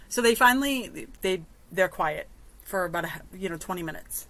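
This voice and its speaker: A podcast host, a woman in her thirties, telling a story in a chatty, animated way, with exasperated asides. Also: on the low side, brisk. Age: 30s. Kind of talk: casual storytelling monologue.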